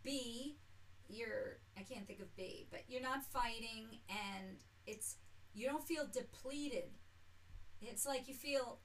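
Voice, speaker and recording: A woman's voice: a little high, slow pace, fairly bright tone, slight background noise, poor audio. A mother chatting on a podcast as a guest, telling rambling stories with wry, blunt remarks. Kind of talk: casual podcast chat.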